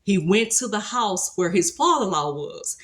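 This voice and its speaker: A woman's voice: medium pitch, big pitch swings, normal speed, fairly bright tone. A woman giving a casual devotional talk, retelling a Bible story in a colloquial, conversational way. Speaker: speaker sharing a devotional.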